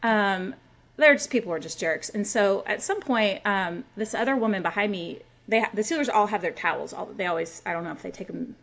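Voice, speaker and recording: A woman in her forties telling a story in casual podcast chat, rowdy and animated, with plenty of asides. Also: medium pitch, brisk, vocal fry. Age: 40s. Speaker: podcast co-host.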